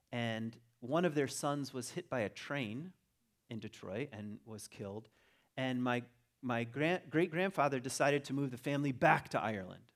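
Middle-aged male speaker, mid-pitched, easygoing storyteller, loose conversational delivery, talk to a congregation. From Virginia. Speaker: teacher giving a talk.

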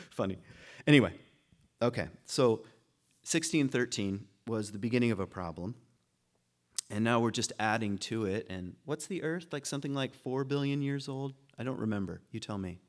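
A man with a mid-range voice gives a class an informal philosophy lecture, thinking out loud, laughing at his own points and frequently starting his sentences over.

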